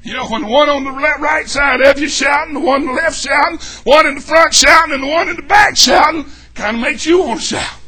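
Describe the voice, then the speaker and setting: A man preaching a fervent, folksy sermon in a church, shouting and whooping as he jokes with the congregation. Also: very high voice, fairly quick, hardly any pauses. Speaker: pastor.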